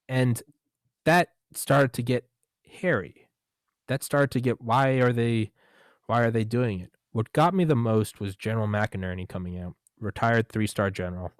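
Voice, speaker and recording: A man with a lowish voice holds forth on his podcast. He swears freely and keeps firing off rhetorical questions and quick asides. His voice sits close and dry on the mic, with no room sound at all. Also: steady tone, dry recording. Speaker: podcast host. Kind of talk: casual monologue on a podcast.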